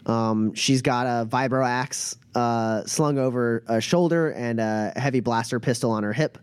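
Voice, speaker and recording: A man running a tabletop game as game master, narrating haltingly with many fillers. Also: mid-range voice, clear, resonant tone, no echo.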